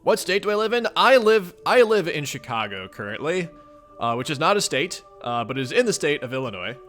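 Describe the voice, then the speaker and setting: A young livestream host with a Midwestern accent reads a webcomic and greets his viewers in a playful, goofy, upbeat style. He sounds very animated and brisk, his voice fairly high and fairly bright, with soft music in the background.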